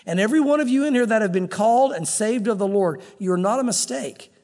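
High-voiced man preaching in a reverberant church. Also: animated, fairly quick, a little mellow. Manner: conversational preaching, acting out quoted voices. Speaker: pastor. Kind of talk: sermon.

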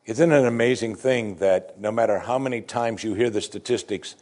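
A man preaching a sermon, reading scripture with rising emphasis and dropping low and soft to reflect on it. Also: fairly quick. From United States. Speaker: pastor.

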